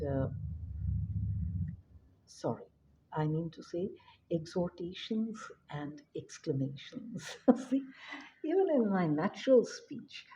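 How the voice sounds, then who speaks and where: A woman teaching a writing lesson, unhurried and full of filler words. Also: fairly low pitch, dark tone. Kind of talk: spoken lesson. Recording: dull lo-fi audio with faint noise.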